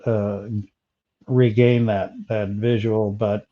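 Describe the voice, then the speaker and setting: A man telling an interviewer about a personal encounter, pausing often with fillers and restarts. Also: fairly low pitch, little pitch movement, dull audio. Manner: halting, many fillers and restarts. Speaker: interview guest.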